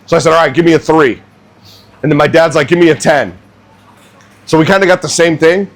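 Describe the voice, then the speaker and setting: A young man who cooks at a barbecue restaurant, telling a funny story in a casual, animated, self-mocking way as he works in the kitchen. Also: on the high side, fairly quick, gravelly. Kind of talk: casual storytelling while cooking.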